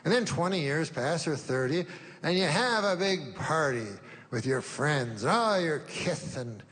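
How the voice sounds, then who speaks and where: A man doing stand-up comedy on a club stage into a handheld mic, deadpan and rambling with folksy asides, as the audience laughs. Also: fairly high pitch, a little slow.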